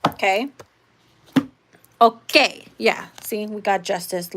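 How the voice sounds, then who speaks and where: A woman's voice: mid-range voice, normal speed, gravelly. A woman giving a casual live tarot reading, talking bluntly and swearing freely. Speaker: tarot reader.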